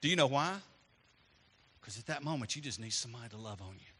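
Animated preacher in an echoey hall. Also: male voice, mid-range voice, fast, slightly rough. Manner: animated preacher, swings from hushed to loud. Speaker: pastor. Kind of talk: sermon with storytelling.

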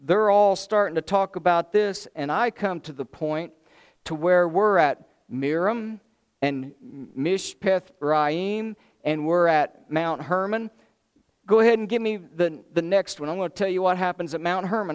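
Animated preacher, smooth and higher-pitched. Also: male voice. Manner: animated, builds to excited bursts then drops low and slow. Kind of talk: sermon.

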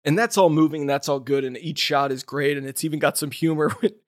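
A man with a slightly high voice speaks quickly while co-hosting a podcast about a movie, replaying scenes enthusiastically and dramatizing quoted lines in a casual discussion. Studio-quality audio without echo.

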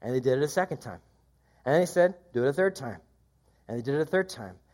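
A man preaching a sermon, reading scripture aloud and commenting in a conversational, lively way. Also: fast talker. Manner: lively, rises in pitch when quoting. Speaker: pastor.

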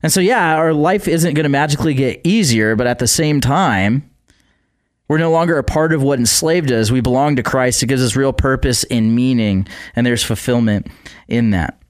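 A man's voice: medium pitch, normal speed, no echo, clean studio sound. A man reading a Bible passage aloud, then commenting on it in an earnest, conversational preaching style, as a radio devotional speaker. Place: radio studio.

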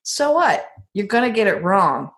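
A middle-aged woman in a casual advice conversation, telling personal stories and acting out quoted lines with lively jumps in pitch. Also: a little slow. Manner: animated storyteller, acts out quotes with big pitch jumps.

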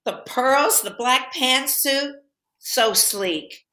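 A woman's voice: high-pitched, extremely slow, sharp tone, full character voice. An actress playing a doting, chatty mother in a comedy sketch, fussing over her daughter and insisting. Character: doting, pushy middle-aged to older mother.

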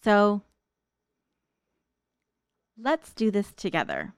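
A woman's voice: mid-range voice, huge pitch swings, extremely slow, smooth, no echo, studio quality. A middle-aged woman speaking a tender, reflective monologue, addressing her late mother directly as an open letter. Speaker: daughter writing an open letter. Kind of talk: heartfelt spoken monologue.

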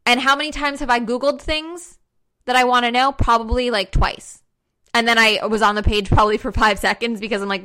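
High, bright, fired-up woman. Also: steady tone, a little fast, clean tone. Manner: emphatic, repetitive, swears casually. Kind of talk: fired-up motivational monologue to followers.

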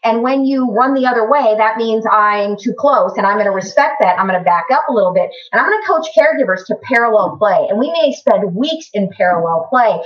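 A middle-aged woman talking as a therapist and parent in an interview, passionate and emphatic. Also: a little high. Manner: passionate, emphatic, talks with her hands. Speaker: guest, autism therapist and parent. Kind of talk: conversational interview. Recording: distant, muffled mic.

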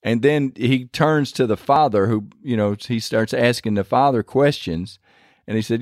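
A man's voice: mid-range voice, fairly even intonation, moderate pace, a little mellow, dry recording, studio quality. A man preaching a sermon in a conversational, earnest way, retelling scripture in his own words.

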